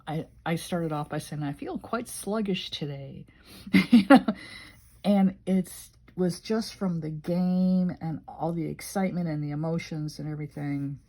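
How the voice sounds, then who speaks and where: An older woman from Illinois, USA, vlogs about her journal, turning its pages as she talks. Her deep, mellow voice carries a rambling, emotional, casual conversation.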